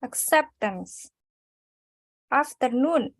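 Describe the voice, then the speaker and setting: Woman student reading words on a call, slow, highish voice, dry sound. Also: animated, no room sound. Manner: reads slowly word by word.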